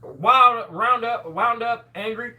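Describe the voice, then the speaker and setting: A man co-hosting a commentary show, animated and foul-mouthed in casual banter. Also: very high-pitched, slow pace, phone-quality sound. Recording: distant mic.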